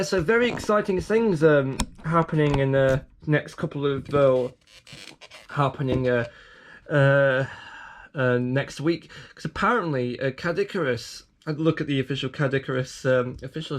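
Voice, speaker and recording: Bloke unboxing toy packs, giggly, rambly, keeps laughing at himself. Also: male voice, fairly high pitch. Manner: rambling, self-mocking, prone to giggling fits. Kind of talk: casual unboxing commentary.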